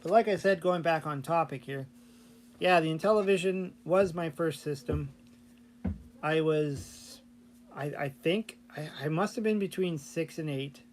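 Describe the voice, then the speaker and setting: A man's voice: fairly high pitch, a little slow, a little hiss or hum. A man chatting casually on his channel about programming old console games, rambling with lots of fillers and restarts. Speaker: vlogger and hobby game programmer. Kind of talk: casual chat.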